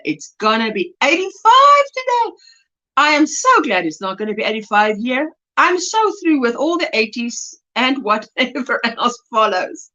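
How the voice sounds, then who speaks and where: A woman's voice: fairly high pitch, sharp tone. A woman hosting a casual crochet livestream, chatting and laughing often as she reads out viewer comments. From South Africa. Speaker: livestream host. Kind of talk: casual chat while crocheting live. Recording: lo-fi livestream audio.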